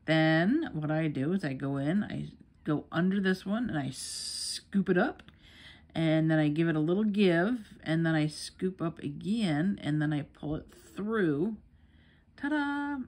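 This crochet lesson comes from a middle-aged woman from New York whose voice sits low, unhurried and a little mellow. It's a casual, rambling, chatty tutorial with plenty of fillers and false starts.

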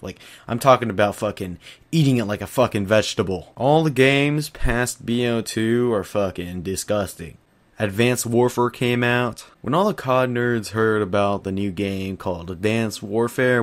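A young man delivering a profanity-filled, exaggerated comedic rant as a YouTuber. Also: lowish voice.

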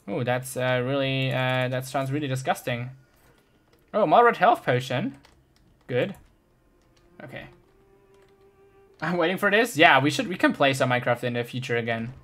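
A young adult German-native streamer, excitable and laughing, swearing and chatting with viewers while playing a game. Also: medium pitch, normal speed, long pauses. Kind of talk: live-streamed gameplay chat.

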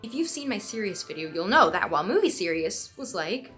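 Young woman doing a video essay, bright voice, bouncy and playful with little asides. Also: medium pitch, faint music behind. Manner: animated, playful, quick asides.

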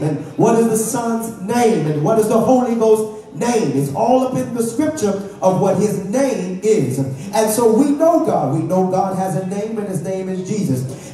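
High-voiced preacher in an echoey church. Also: male voice, mellow, distant mic. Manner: preaching with call-and-response questions. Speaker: pastor. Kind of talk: sermon. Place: church sanctuary.

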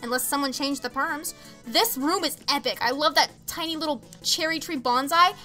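A woman's voice: sits high, moderate pace, sharp tone, soft background music. A young woman streaming a game, chatting casually with viewers, reading chat aloud and making exasperated asides. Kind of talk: casual live-stream chat while gaming.

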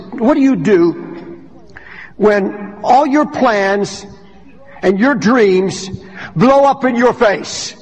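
An older man preaches with a high-pitched voice, swinging between hushed asides and shouted climaxes. His voice rings out in a church sanctuary with long, lingering reverb. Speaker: pastor. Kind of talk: sermon.

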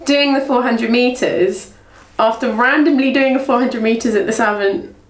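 A woman's voice: a little high, normal speed. A young woman, a former athlete from England, retelling her career in a casual interview, with many restarts and quoted speech. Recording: echoey room, voice from far off, faint room noise.

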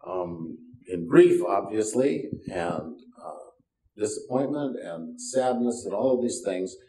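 Folksy older pastor in a roomy church. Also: male voice, on the low side, expressive, takes it slowly, dark tone. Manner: folksy and self-deprecating, with wry asides. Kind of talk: sermon. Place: church sanctuary. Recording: roomy sound from a distance.

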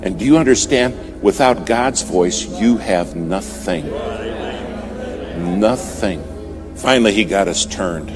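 A man with a very low voice preaches at a church service, spinning a story with dramatic force. He climbs to urgent, ringing appeals, then drops to a hush, while soft music plays faintly behind him. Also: takes it slowly. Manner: dramatic, swings from urgent and loud to hushed. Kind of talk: storytelling sermon.

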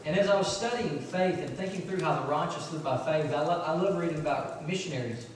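A man's voice: fairly high pitch, fast, a little hiss or hum. A man, preaching a conversational sermon full of fillers and personal stories. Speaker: pastor. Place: church sanctuary. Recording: very echoey church from far off.

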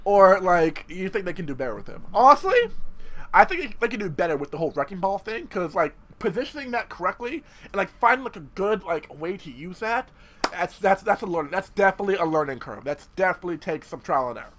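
A man commentating his own gameplay as a video host, excitable and swearing a lot, often squealing. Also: sits high, a little fast, slight background noise. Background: game music and sound effects.

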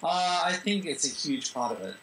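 A screenwriter and director from Australia, answering interview questions in a relaxed way, with frequent fillers and restarts. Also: male voice, on the high side, moderate pace, slight background noise, low-quality recording. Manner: relaxed, full of "you know" fillers and restarts.

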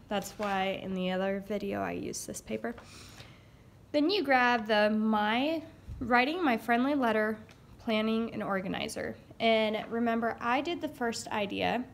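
A young woman teacher giving a recorded writing lesson, saying each word slowly aloud as she writes it down. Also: fairly high pitch, vocal fry, slight background noise. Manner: slow, dictating words aloud as she writes. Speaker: elementary school teacher.

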